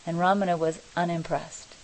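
A middle-aged woman giving a reflective spiritual talk, speaking slowly and softly with many pauses. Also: fairly low pitch, flat delivery, low-quality recording. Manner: slow, soft, pausing and searching for words. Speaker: spiritual teacher.

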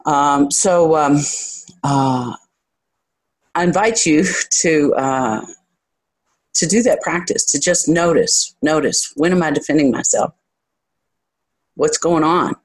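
A spiritual teacher talks to a group in a reflective, unhurried way. The delivery is halting and searching, often stopping to find the next words. There is a candid, self-examining quality to it, with a touch of humor at their own expense. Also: mid-range voice. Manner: hesitant and searching, pausing to gather thoughts.

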